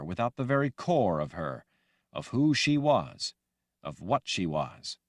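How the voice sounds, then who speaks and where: A man reading a fantasy audiobook aloud in a dramatic, expressive way. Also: lowish voice, measured pace, dry recording, studio quality. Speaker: audiobook narrator. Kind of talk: scripted fantasy audiobook narration.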